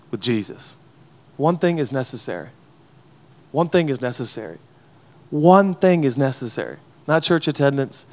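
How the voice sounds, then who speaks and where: A man's voice: medium pitch, a bit bright. A man in his thirties preaching a sermon to pastors, earnest and emotional as he tells a personal story. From United States. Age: 30s. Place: conference hall before an audience of pastors.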